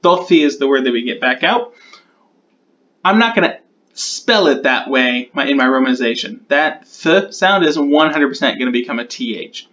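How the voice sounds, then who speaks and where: A man talking through his own tutorial, thinking aloud and slowing down as he types out rules. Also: mid-range voice, expressive, a bit bright, dull audio. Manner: muses aloud, repeats test words, slows down while typing. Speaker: conlang creator.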